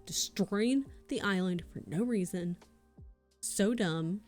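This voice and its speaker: A woman's voice: mid-range voice, takes it slowly, darkish tone, soft background music. A woman streamer chatting casually to her viewers, ranting and swearing freely. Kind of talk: casual livestream chat.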